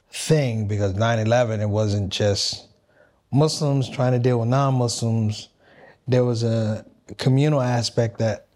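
American man, comedian guest, earnest reflective storytelling, repeats himself, mid-pitched voice. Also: darkish tone. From United States. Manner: earnest, repeats words, calls people man.

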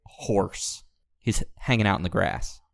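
Gravelly young man running a tabletop game. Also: low voice, slow. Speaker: game master.

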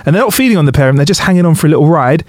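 A man's voice: a little high, expressive, rapid-fire, darkish tone, dry recording, clean studio sound. A young man co-hosting a casual podcast, explaining facts with frequent laughter. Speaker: podcast co-host.

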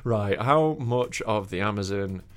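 A man's voice: fairly low pitch, unhurried. A man, co-hosting a podcast in casual, teasing banter, arguing his points with plenty of swearing. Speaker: podcast co-host.

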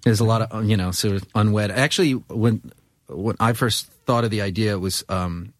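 A man's voice: lowish voice, normal speed, dry recording, clean studio sound. A man in a band chatting casually, swearing a lot while telling road stories. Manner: profane, storytelling. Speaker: band member. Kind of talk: casual chat.

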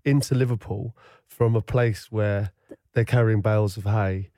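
A man's voice: lowish voice, fairly even intonation, unhurried, warm tone, dry recording, studio quality. A young man co-hosting a podcast, teasing and laughing often in casual chat. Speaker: podcast co-host.

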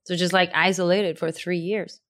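Young woman, podcast co-host, relaxed storytelling chat with lots of "like". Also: on the low side, normal speed. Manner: storytelling, peppered with "like". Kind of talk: casual chat.

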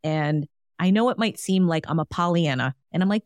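A woman's voice: deep voice, lively intonation, a little fast, no room sound, clean studio sound. A woman hosting a solo wellness podcast, talking in an upbeat, encouraging, chatty way with lots of "like". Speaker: podcast host.

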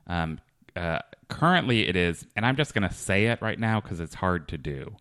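Male podcast host, lowish voice, crisp and clear, deadpan rambling delivery. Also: normal speed, dry recording, studio quality. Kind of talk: deadpan comedic interview.

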